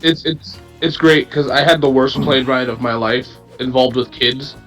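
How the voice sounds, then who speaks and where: A man who is a parent, speaking in a measured, thoughtful way in a casual chat. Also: mid-range voice, level tone, fairly bright tone, soft background music, poor audio.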